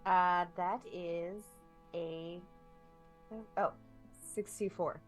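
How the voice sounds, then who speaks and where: A woman's voice: fairly low pitch, fairly even intonation, drawn-out words, soft background music. A woman playing in a tabletop game, speaking in a polite, chatty way. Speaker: player. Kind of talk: casual tabletop play.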